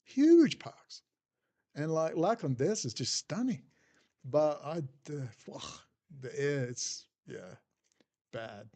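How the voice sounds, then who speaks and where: A man's voice: on the high side, sing-song, takes it slowly, mellow. A man hosting a casual livestream, rambling and bluntly answering chat messages as he goes. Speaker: livestream host reading chat.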